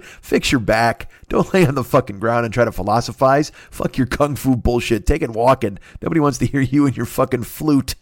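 A man with a mid-range voice hosts a podcast, rambling through a crude story full of profanity. His delivery is casual and animated. The sound is dry and close, with no room around it. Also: mid-range voice, fairly quick, few pauses, dry recording. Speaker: podcast host.

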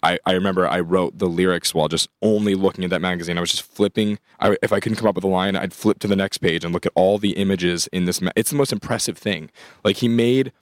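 Fast-talking low-voiced young man. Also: fairly even intonation, no room sound, studio quality. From United States. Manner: rambling, full of "like" and restarts. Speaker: rock band member. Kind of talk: casual interview chat.

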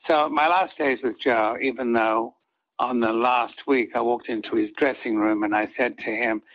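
An older man, an actor guest in an interview, telling reflective stories in an earnest, halting way with many restarts. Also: medium pitch, fairly even intonation. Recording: dull lo-fi audio.

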